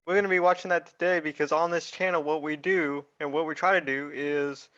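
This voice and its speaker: A man's voice: fairly high pitch, steady tone, fairly quick, a bit bright, dull audio. A man co-hosting a movie reaction, explaining things earnestly and at length. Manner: earnest, rambling. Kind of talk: casual reaction chat.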